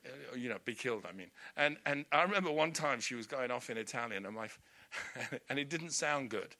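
A male preacher giving a lively storytelling sermon with humorous asides. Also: medium pitch, brisk. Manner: animated, storytelling, laughing asides.

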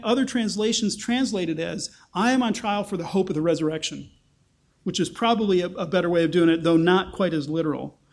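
A man's voice: sits high, darkish tone. A man teaching scripture in a sermon, conversational, thinking aloud with restarts and acting out quoted lines with emphasis. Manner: acts out quotes with rising emphasis. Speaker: pastor. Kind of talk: sermon-style Bible teaching.

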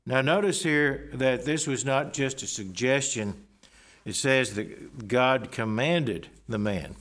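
A man preaching a sermon in a measured, explanatory way, reading scripture aloud and unpacking its wording. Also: medium pitch, a bit bright.

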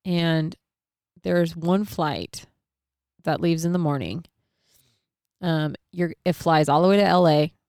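A middle-aged woman casually telling a personal story, acting out her own thoughts in an animated way and swearing freely. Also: deep voice, slow, long pauses, smooth, no echo, clean studio sound.

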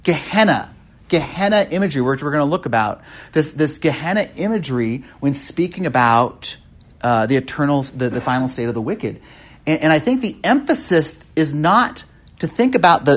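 Breathy man teaching a Bible class. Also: a little high. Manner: repeats words often, asks the group questions. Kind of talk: classroom Bible study lesson.

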